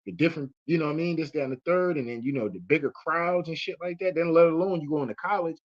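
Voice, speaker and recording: A man's voice: a little high, fast. A man hosting casual commentary, telling a story in a profane, rambling way full of fillers. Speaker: host. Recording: muffled lo-fi audio.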